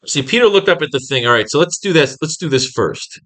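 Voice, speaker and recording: A man's voice: on the high side, animated, brisk, pushed and bright. A man teaching comic writing in a casual, rambling and profane way, acting out scenes as he plans pages.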